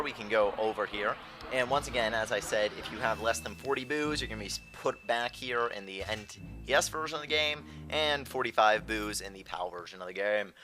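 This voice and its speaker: A young man hosting a let's play, with goofy, self-mocking commentary. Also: medium pitch. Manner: goofy, self-mocking, jumps into silly voices. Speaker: gaming channel host. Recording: faint game music behind.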